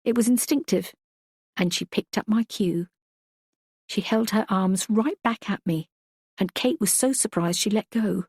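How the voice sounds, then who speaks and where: A woman's mid-pitched voice, carrying a breathy edge, reads a first-person thriller for an audiobook. Her pacing is measured and her tone reflective, steady and thoughtful throughout. The sound is close and dry, with no room sound at all.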